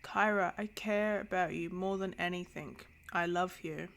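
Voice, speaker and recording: A woman reading aloud the lines of an earnest, protective young man from a novel, in a soft, low-key way. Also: fairly even intonation, measured pace, creaky.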